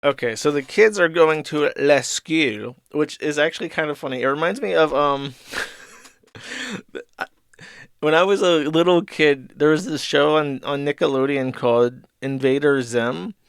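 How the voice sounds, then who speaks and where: A man's voice: on the high side, normal speed, vocal fry, smooth, no room sound, clean studio sound. A man in his thirties hosting a podcast, casually reading and commenting on a comic in a rambling, profane way with laughing asides. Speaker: podcast host.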